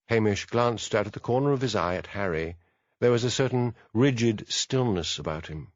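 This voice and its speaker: A man narrating a mystery audiobook in a measured storytelling manner. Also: lowish voice, very animated, no echo, muffled recording. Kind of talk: scripted narration.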